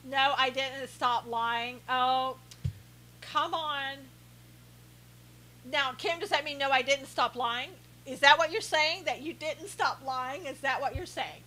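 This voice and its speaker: Sarcastic, teasing woman with a bright high voice. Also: slow, poor audio. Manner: teasing, sarcastic, laughing often. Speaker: live stream host. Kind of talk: sarcastic live-stream chat, reading viewer comments.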